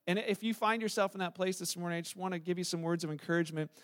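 High-pitched guy preaching, animated storyteller, acts out the quotes, sounds thirtyish. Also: racing. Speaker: pastor. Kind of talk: sermon.

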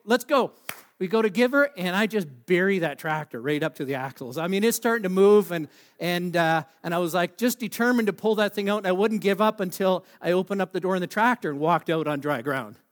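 A man with a high-pitched voice preaching through a funny, self-deprecating story. He jokes with his listeners and stumbles over fillers as he goes. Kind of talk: humorous storytelling sermon.

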